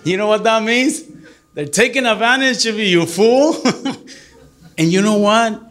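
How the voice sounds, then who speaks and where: A man's voice: high voice, measured pace. Earnest bilingual deacon, middle-aged man. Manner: earnest, animated, switches between English and Spanish. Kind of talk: informal church talk to a group.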